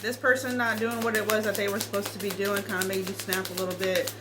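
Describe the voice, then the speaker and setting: A woman's voice: mid-range voice, little pitch movement, fast, rough recording. A woman giving a casual tarot reading, talking straight to the viewer in a blunt, swearing way. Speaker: tarot reader.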